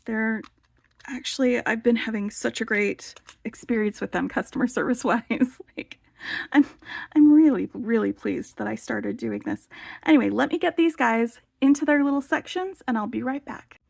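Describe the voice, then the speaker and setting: A woman who runs a beading channel hosts a casual show-and-tell vlog, chatty and enthusiastic and leaning on filler words. Her fairly high, slightly mellow voice has a gravelly fry and moves at a normal speed. The recording is dry and close, with no room sound.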